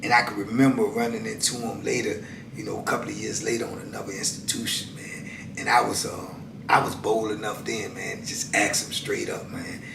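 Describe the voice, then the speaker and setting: Man, fifties, casual storyteller, animated, drawn-out delivery, echoey room, distant mic. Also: fairly low pitch, gravelly. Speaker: channel host telling prison stories. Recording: echoey room, voice away from the mic, faint background noise.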